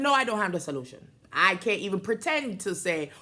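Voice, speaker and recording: A woman's voice: mid-range voice, very animated, a little fast, few pauses, sharp tone. An American woman talking straight to camera in a casual vlog, telling a story earnestly and with emphasis. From United States. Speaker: vlogger.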